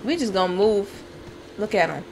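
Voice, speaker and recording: A woman's voice: mid-range voice, lively intonation, normal speed, creaky, darkish tone, slight background noise. A woman streaming gameplay, talking casually, swearing and yelping when startled. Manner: jumpy, swears and yelps in fright. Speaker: gaming streamer.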